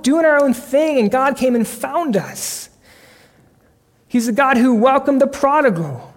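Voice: mid-range voice, long reverb tail. A pastor delivering a sermon in an earnest, conversational way, often restarting phrases as the thoughts come.

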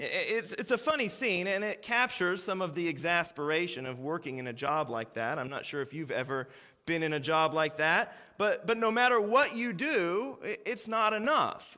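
A man's voice: high voice, bright, forceful tone, big-room sound. A man in his thirties preaching a sermon in a church, conversational and hesitant, with many fillers. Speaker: pastor. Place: church sanctuary.

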